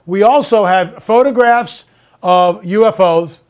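A man with a high voice hosts a talk show monologue. He speaks emphatically and drives his points home by repeating phrases. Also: slow, darkish tone, clean tone. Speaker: host.

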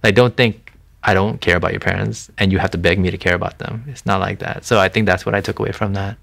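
A deep-voiced man from a Thai family background talks fast while sharing his faith testimony in an interview. His creaky, slightly bright voice has fairly even intonation, and he speaks earnestly and conversationally with frequent restarts and "you know."

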